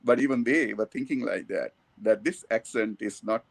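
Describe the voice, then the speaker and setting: A man from Sri Lanka with a Sri Lankan English accent, giving a thoughtful academic talk with many pauses and fillers. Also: on the low side, gravelly, husky, no room sound. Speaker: academic speaker.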